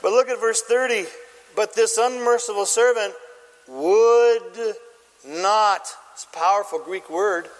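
A man preaching a sermon, telling a story in an animated way and asking the audience questions. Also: high-pitched, in a large hall. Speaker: pastor.

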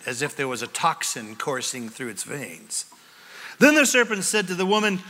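Animated bright-voiced male preacher. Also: a little high, brisk. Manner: animated, acts out voices, asks the crowd questions. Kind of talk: sermon. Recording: long hall reverb.

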